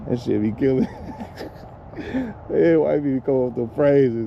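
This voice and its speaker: A man's voice: medium pitch, slow, vocal fry, long pauses, muffled recording, slight background noise. A man with kids, vlogging casually while walking outdoors in a lakeside park, filming on a handheld phone, rambling loosely, cursing and laughing at his own jokes. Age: adult with kids. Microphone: handheld phone camera.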